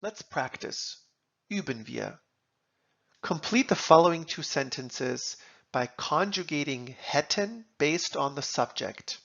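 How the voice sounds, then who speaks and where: A man teaching German grammar, reading example sentences and translating them in a slow, deliberate lesson. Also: fairly high pitch, lively intonation, vocal fry, a bit bright, dull audio.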